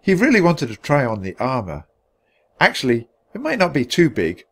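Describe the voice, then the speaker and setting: Read-aloud narrator: man, mid pitch, animated delivery, clear for learners. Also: normal speed. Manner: clear, expressive storytelling. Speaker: storybook reader.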